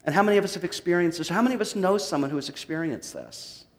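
A man preaching a sermon, reading a psalm dramatically and swinging from loud to hushed. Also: sits high, quick pace, big-room sound. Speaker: pastor.

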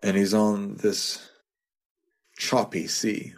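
A man giving a sermon as a pastor, talking in a conversational way, often repeating a word and adding quick asides. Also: fairly low pitch, little pitch movement. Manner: conversational, repeats words, chuckles to himself.

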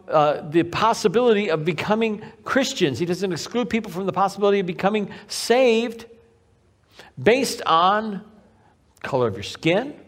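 Slightly high-voiced man preaching, emphatic. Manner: emphatic repetition of key phrases; varies pace, slowing on key lines. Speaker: pastor. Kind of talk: sermon.

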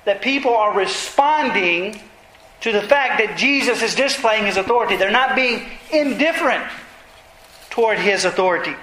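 A man's voice: high voice, animated, normal speed, pushed and bright. A man preaching an expository sermon, retelling scripture passages earnestly and pressing his points with emphasis. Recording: roomy echo.

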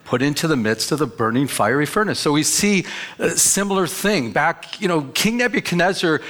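A man's voice: on the high side, a bit bright. A pastor preaching a sermon in a conversational way, often asking his listeners questions. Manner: conversational, asks the audience questions.

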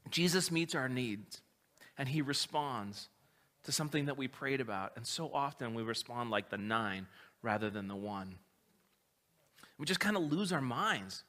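High, bright-voiced preaching man. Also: moderate pace. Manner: animated, conversational preaching. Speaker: pastor. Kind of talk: sermon.

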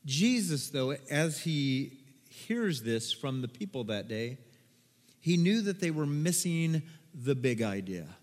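High-voiced pastor preaching in an echoing hall. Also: male voice, takes it slowly. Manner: animated, acts out crowd voices with whoops. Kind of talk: sermon. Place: church sanctuary. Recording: long hall reverb.

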